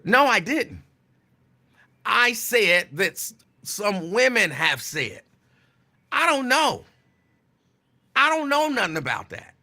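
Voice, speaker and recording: High bright guy hosting a chatty stream, rambles, repeats himself for emphasis. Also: very animated, slow, long pauses. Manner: chatty, digressive, answers chat comments. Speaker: talk show host. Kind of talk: casual live-stream talk.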